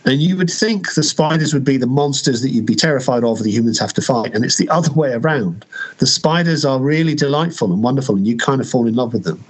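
A husky-voiced Englishman with an English accent chats as a guest novelist. He talks in a hesitant, rambling way, often restarting his sentences and playing himself down. His voice sits at an ordinary pitch for a man. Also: quick pace, low-quality recording. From England. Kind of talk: casual interview chat.

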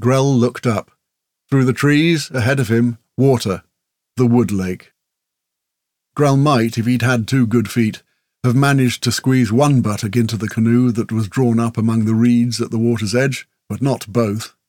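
In a steady, measured way, a man with a mid-pitched voice narrates a fantasy audiobook. The recording is dry and close, with no room around it.

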